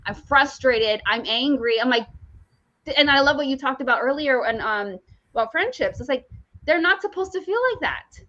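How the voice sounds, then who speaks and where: A woman co-hosting a podcast, telling a personal story in a casual, animated way and often repeating her phrases. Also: high voice, a little fast. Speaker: podcast co-host. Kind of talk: casual chat. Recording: dull lo-fi audio.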